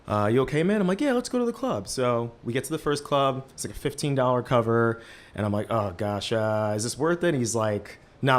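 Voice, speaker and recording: A man in his twenties telling a lively first-person story on a small stage, talking through a microphone and filling his sentences with "like". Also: mid-range voice. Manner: lively, heavy use of "like" fillers. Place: stage of a small live-event venue.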